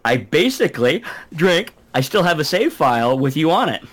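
Relaxed rambling man chatting about games. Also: on the high side, moderate pace. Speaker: podcast co-host. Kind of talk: casual gaming chat.

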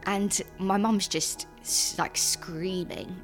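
A young woman giving an earnest personal account in an interview, halting often with ums and restarts. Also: medium pitch, fairly even intonation, creaky, soft background music. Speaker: interviewee, sister of a convicted man.

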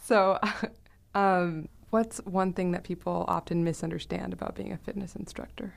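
A woman interviewer asking relaxed, conversational questions with casual fillers. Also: lowish voice, normal speed, creaky.

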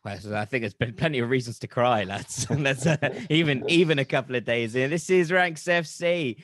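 A man's voice: medium pitch, brisk, a bit bright, no room sound, studio quality. A man hosting a casual football podcast, reciting a rhyming poem and then bantering and laughing with his co-hosts. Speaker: podcast host.

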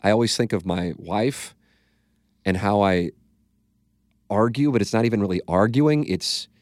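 Hosting a podcast, a man with a St. tells casual stories bluntly and profanely, acting out the quotes. His lowish voice is a bit slow with a darkish tone, and the studio sound is clean, without echo.

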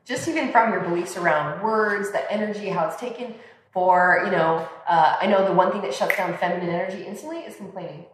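A mother talking in a relaxed podcast chat, lively and expressive, often acting out the voices of people she quotes. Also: lowish voice, fairly quick, noisy background. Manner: animated, acts out quoted voices. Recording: echoey room with long reverb.

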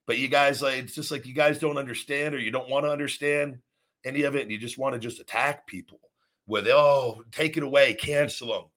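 A man's voice: medium pitch, steady tone, fast talker, fairly bright tone. A man hosting his own podcast, delivering a blunt, profanity-heavy rant with frequent restarts and repetition. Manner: repeats himself and restarts sentences. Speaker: podcast host.

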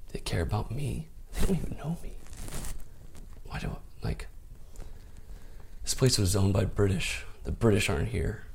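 A man telling a personal story in a laid-back, casual way, full of "like" and "dude", growing animated and proud as he goes. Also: sits low, gravelly. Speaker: podcast guest.

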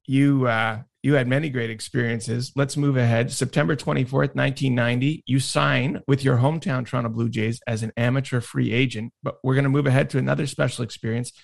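A man interviewing a guest, asking measured questions and reading out dates. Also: mid-range voice, fairly even intonation, gravelly. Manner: measured, reads dates from notes.

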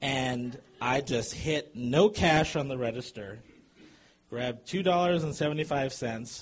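A man telling a comic true story to a live audience, animated and chuckling as he goes. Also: mid-range voice, unhurried, slight background noise.

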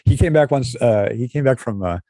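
Husky male comedy writer spinning lively anecdotes, acts out every quote. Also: medium pitch, a little fast, no echo. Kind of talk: casual storytelling.

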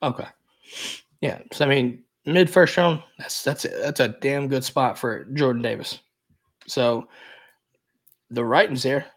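A man's voice: medium pitch, creaky. A man co-hosting a sports podcast, rambling casually and hedging often as he breaks down the team. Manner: rambling, hedges a lot with repeated fillers. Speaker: podcast co-host.

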